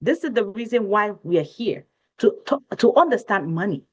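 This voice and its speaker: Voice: mid-range voice, very animated, moderate pace. A presenter from Africa, giving a preachy motivational seminar talk that repeats points and asks the audience rhetorical questions. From West Africa. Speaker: financial education presenter. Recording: dull lo-fi recording.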